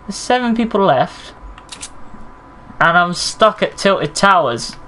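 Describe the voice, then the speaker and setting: A man's voice: high-pitched, lively intonation, slow pace, sharp tone, a little hiss or hum, poor audio. A man streaming a battle royale game, chatting with viewers and commenting on his play, swearing under pressure. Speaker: gaming streamer. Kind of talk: live gameplay commentary.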